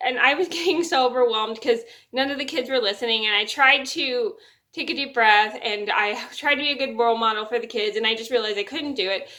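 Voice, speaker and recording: A woman's voice: sits high, pushed and bright. A young woman casually telling a personal story to camera, rambling and restarting her sentences. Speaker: vlogger.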